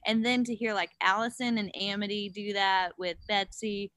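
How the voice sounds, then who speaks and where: A woman chatting casually as a podcast guest, an animated storyteller who acts out quotes, with many fillers. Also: mid-range voice, normal speed, no room sound. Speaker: guest, gravel bike racer.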